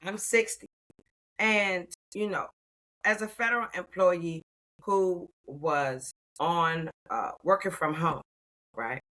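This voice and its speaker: A woman in her sixties telling her story as an interview guest, expressive and calling the listener "honey.". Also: fairly low pitch, slow, low-quality recording. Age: 60s. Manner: expressive, warm endearments like "honey". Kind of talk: animated personal storytelling.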